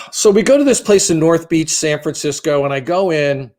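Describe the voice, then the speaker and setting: A man's voice: on the high side, lively intonation, moderate pace, a little mellow. A man in his fifties co-hosting a podcast, telling a long story in a rambling, profane, self-deprecating way. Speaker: podcast co-host.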